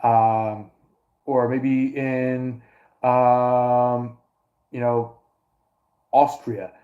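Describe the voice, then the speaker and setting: A man's voice: medium pitch, little pitch movement, very slow, narrow, tinny audio. A man doing a casual astrology reading to his viewers, rambling with many fillers and restarts. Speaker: astrology and tarot reader.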